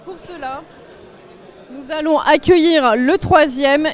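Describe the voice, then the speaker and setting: French woman, high voice, live event presenter, chatty and a little flustered with names. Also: steady tone, normal speed. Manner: chatty, self-deprecating, stumbles over names. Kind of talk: live podium ceremony presenting.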